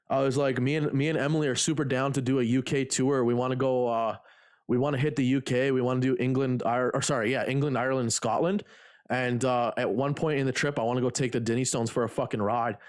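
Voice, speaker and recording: A man chatting casually on his livestream. He rambles, swears freely and fills gaps with "uh". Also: mid-range voice. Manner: rambling, profane, lots of fillers. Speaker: livestreamer and lifter.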